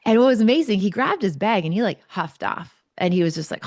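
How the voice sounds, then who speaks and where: A woman host telling a personal story in an animated, chatty way, peppered with "like". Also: mid-range voice, brisk, few pauses, dry recording, clean studio sound. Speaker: podcast host, psychologist.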